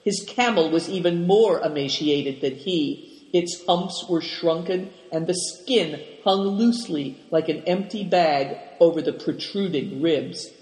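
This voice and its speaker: A man's voice: on the high side, unhurried, darkish tone. Man reading a story in an echoey room. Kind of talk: scripted narration.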